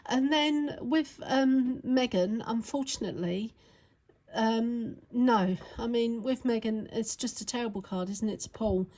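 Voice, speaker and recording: A woman's voice: on the high side, unhurried, mellow, low-quality recording. A woman giving a casual, rambling tarot reading to camera, talking in a chatty way with many fillers and tag questions. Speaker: tarot reader.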